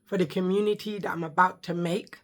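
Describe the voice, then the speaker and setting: A social worker in her thirties talks fairly quickly with a fairly low pitch as she introduces her vlog channel. She's excitable, chatty and joking, and says her voice sometimes goes.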